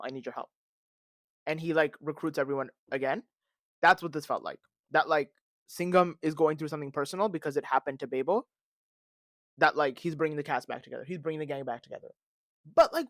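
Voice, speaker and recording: A man hosting a podcast, talking in a casual, animated and dramatic rant full of fillers and recorded on a phone. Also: a little high, dry recording, clean studio sound. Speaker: podcast host. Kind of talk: casual ranting commentary.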